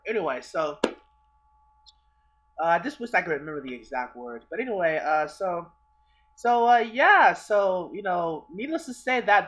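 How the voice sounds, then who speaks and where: Young guy vlogger, bright, stammery and sweary. Rambles as he tells a story. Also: on the high side, highs cut off. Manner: rambling, stammering, repeats himself, swears a lot. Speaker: vlogger telling a personal story. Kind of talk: casual storytelling.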